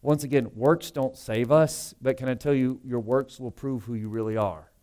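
Smooth-voiced man preaching a sermon. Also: mid-range voice, fairly even intonation, normal speed, warm tone. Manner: conversational and emphatic, with frequent rhetorical asides. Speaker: pastor.

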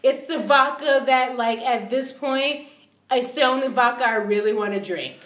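Emphatic high-voiced woman, echoey room. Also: moderate pace, a bit bright. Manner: enthusiastic, emphatic, swears casually. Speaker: co-host. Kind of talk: casual travel chat.

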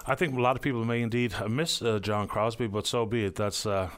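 A man hosting a phone-in radio show, politely and briskly moving callers along. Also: mid-range voice, steady tone, slight background noise. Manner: brisk, polite, wrapping up calls. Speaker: radio talk show host.

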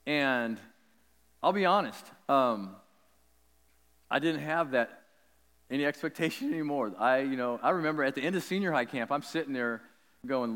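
A man preaching a sermon, telling a personal story in an animated, chatty way with lots of likes and ums. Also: medium pitch, normal speed, pauses often, big-room sound. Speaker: pastor.

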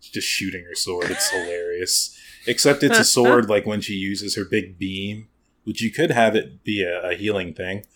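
A man's voice: low-pitched, normal speed, a bit bright. A young man in casual gaming chat, rambling and sarcastic with lots of slang.

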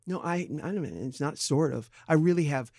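A middle-aged man from San Diego, co-hosting a podcast in candid, casual talk, thoughtful and halting with expressive swings in pitch. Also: no room sound, studio quality. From San Diego, California. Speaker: podcast co-host.

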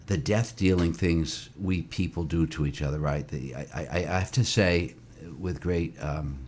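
Low-voiced priest in his sixties, halting. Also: darkish tone, a little hiss or hum. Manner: halting, with many fillers and restarts. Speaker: priest, interview guest. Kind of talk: reflective interview conversation.

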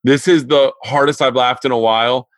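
A man's voice: medium pitch, fairly even intonation, normal speed, no room sound. A man hosting a podcast, telling family stories in casual chat and laughing as he goes. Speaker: podcast host.

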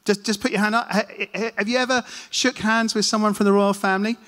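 A man's voice: high voice, steady tone, quick pace, bright, forceful tone. A man preaching a casual sermon, telling self-deprecating stories and asking the congregation questions. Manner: chatty, self-deprecating storyteller, talks to the congregation. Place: church hall. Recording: long hall reverb.

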